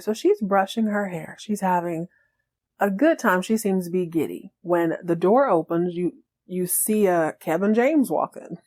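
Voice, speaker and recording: A woman hosting a podcast who recaps a TV episode in a comedic, animated way and laughs often. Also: mid-range voice. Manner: animated, joking, laughs a lot. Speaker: podcast host.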